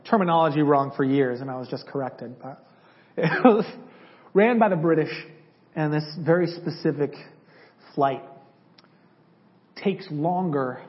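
A man sharing a personal testimony in a church, telling it conversationally and acting out the dialogue he remembers. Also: mid-range voice. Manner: conversational, acts out dialogue from memory. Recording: slightly dull lo-fi audio.

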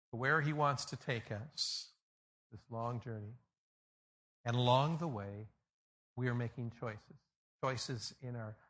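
With a medium-pitched voice, this pastor animates the story in his sermon. His delivery rises to loud climaxes and drops back into hushed stretches.

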